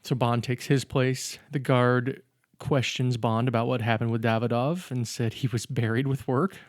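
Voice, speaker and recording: A man's voice: mid-range voice, fairly even intonation, moderate pace, no room sound, clean studio sound. A man co-hosting a podcast, casually recapping a film's plot step by step with fillers. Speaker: podcast co-host. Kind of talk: casual chat recapping a film.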